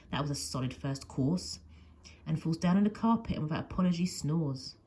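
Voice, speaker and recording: A woman's voice: fairly low pitch, mellow, a little hiss or hum. A woman teacher reading a picture book aloud with expression, often dropping to a whisper. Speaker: primary school teacher.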